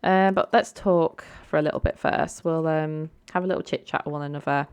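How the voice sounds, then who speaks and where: Low-voiced chatty woman. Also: steady tone, brisk, a little mellow, smooth. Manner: chatty, filler-heavy. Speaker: let's play host. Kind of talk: casual gameplay commentary.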